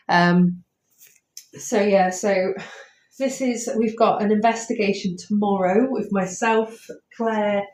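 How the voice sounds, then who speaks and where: A woman with a mid-range, slightly mellow voice streams live on her phone from a house at night as a paranormal investigator. She rambles casually, full of ums, and the house sounds roomy and echoey.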